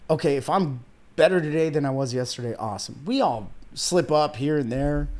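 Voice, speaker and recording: A man's voice: a little high, brisk, a little mellow. A man in his thirties from Iran, a weight loss coach and podcast guest, telling his life story in an earnest, heartfelt, casual way, calling the host "man" and "dude" and at times close to tears. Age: 30s. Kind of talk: casual interview conversation.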